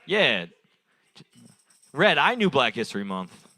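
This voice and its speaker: A young man's mid-range voice comes out very animated yet slow, pushed and bright. He's doing improvised crowd work at an open mic on a small bar stage, loose and rambling, swearing and laughing at his own jokes into a handheld stage mic.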